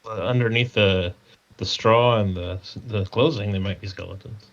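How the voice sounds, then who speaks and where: Low-voiced man on a dull line. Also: normal speed. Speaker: player. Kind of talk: casual tabletop chat.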